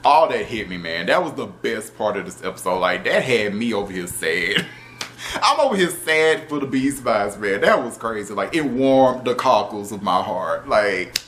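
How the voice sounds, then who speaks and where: A man reviewing a show episode in casual, animated talk, exasperated and profane, with laughing asides. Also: lowish voice, normal speed, slight background noise.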